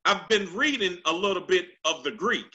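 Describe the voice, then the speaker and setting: Through a handheld microphone in a church sanctuary, an American pastor delivers a Sunday sermon in a high-pitched, animated, pushed and bright voice. He repeats lines for emphasis and draws out scripture quotes with a swooping delivery, though the audio is dull.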